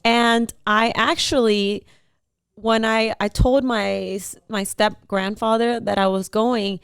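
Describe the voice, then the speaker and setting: A young woman from Houston, an actress, chatting as a guest in an interview and telling her story in a lively, animated way. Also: on the high side, slow, clean tone, no echo. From Houston, Texas. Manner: animated storyteller with frequent laughs. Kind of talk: casual interview chat.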